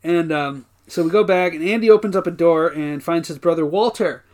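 A man's voice: a little high, brisk, a little mellow. A man co-hosting a podcast, recapping a TV episode in a rambling, casual way, often laughing and using lots of fillers. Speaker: podcast co-host.

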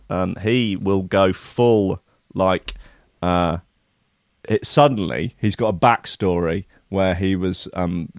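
Guy, young, rambling profane stream host, loud bursts, dry close sound. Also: low voice, no echo. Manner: rambling, sweary, sudden loud outbursts. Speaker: livestream host. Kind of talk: casual profane livestream commentary.

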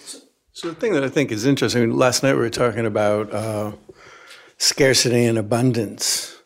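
A man's voice: mid-range voice, moderate pace. Man thinking aloud in a group talk. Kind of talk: casual group discussion.

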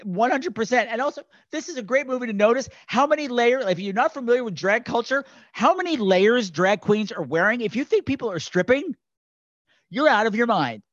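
Animated gay man, high voice, dry lo-fi sound. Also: brisk, no room sound. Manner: animated, launches into loud impressions of others. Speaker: podcast host. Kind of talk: casual podcast chat.

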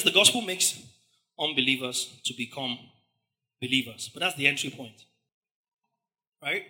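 A man preaching a sermon who acts out the scene and swings into loud, dramatic shouts. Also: fairly high pitch. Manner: dramatic, acts out the crowd's lines and shouts them.

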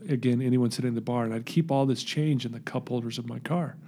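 A man telling his recovery story in an interview, earnest and animated, acting out the voices in his story. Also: medium pitch, fast talker, breathy edge.

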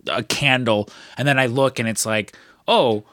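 A man's voice: mid-range voice, moderate pace, a bit bright, dry recording. A man telling long stories in casual chat, rambling with many fillers and frequent swearing.

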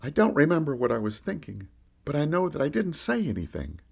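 A man's voice: on the high side, brisk, creaky, slightly rough, exaggerated voice. A man playing a candid fisherman disciple, telling his own story in a first-person monologue. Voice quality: lively storyteller, rising and falling with the action. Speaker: podcast storyteller.

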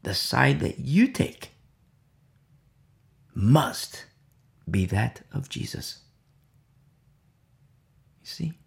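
A male preacher delivering a sermon, his pitch swinging widely as he drives his points home. His voice has a gravelly edge. He keeps repeating phrases and tossing out "You see?", dropping at times to near whispers. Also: big pitch swings, extremely slow, pauses often. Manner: swings between loud emphasis and quiet asides. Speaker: Bible teacher.

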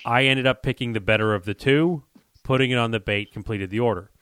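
A man's voice: medium pitch, a little fast, fairly bright tone, clean tone, no echo, clean studio sound. A man hosting a casual podcast, telling a rambling story and acting out what other people said. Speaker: podcast host and lure maker.

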